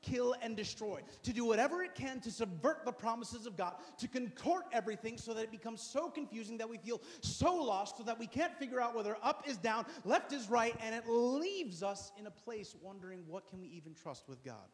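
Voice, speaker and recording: A male pastor preaching a sermon in a large hall, emphatic and swinging from loud to hushed. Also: very high-pitched, lively intonation, fairly quick, few pauses. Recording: long hall reverb.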